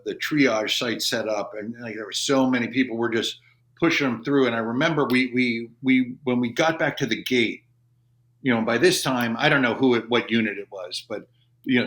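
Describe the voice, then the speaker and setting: A man's voice: mid-range voice, fairly bright tone. A middle-aged man, a former Army Ranger, telling a war story in an interview, rambling with many restarts and swearing. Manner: profane, intense retelling.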